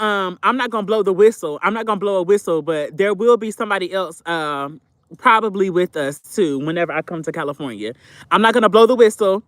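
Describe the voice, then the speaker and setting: High-pitched guy streaming live, aave, repeats himself a lot, talks to chat like sister, baby, super dry sound. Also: fairly bright tone, no echo. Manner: talkative, repeats phrases, addresses viewers as sister and baby. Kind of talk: casual livestream chat with viewers.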